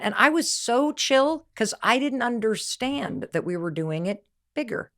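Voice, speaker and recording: Woman motivational speaker, fairly high voice, lively and emphatic delivery. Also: unhurried. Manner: animated, emphatic, addresses listener directly. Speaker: podcast host and motivational speaker. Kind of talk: motivational storytelling talk.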